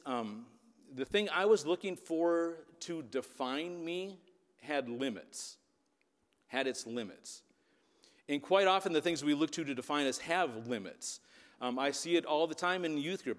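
A man in his fifties from the Upper Midwest of the US, telling a story in a sermon and often checking in with his listeners. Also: mid-range voice. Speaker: preacher and youth leader. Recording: long reverb of a large hall.

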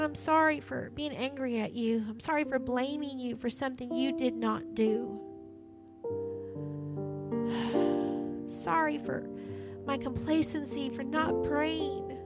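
A woman pastor preaching and leading prayer, slow and emphatic, often hushed and prayerful. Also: sits high. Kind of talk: sermon and altar prayer.

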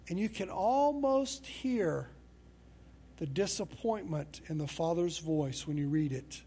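A man's voice: on the high side, lively intonation, a little slow, mellow, a little hiss or hum. A male pastor preaching a sermon in a conversational, storytelling way.

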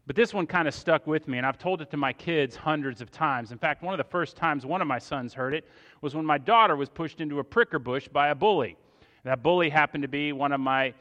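A middle-aged man from Northern Virginia preaching a sermon as pastor, praying in a hushed voice, then telling stories with loud emphasis. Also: mid-range voice. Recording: long reverb in a large hall.

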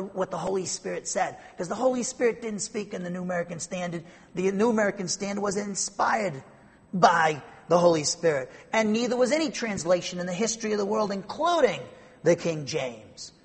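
High-voiced man teaching scripture in a hall. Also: vocal fry, husky. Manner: explanatory, emphatic, with frequent restarts. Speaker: Bible teacher. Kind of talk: verse-by-verse Bible teaching. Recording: long hall reverb.

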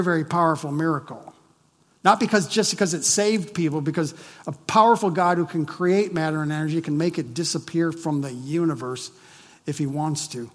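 A man preaching a conversational sermon, dropping to hushed tones and then rising to emphatic points. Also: fairly high pitch, big-room sound. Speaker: pastor.

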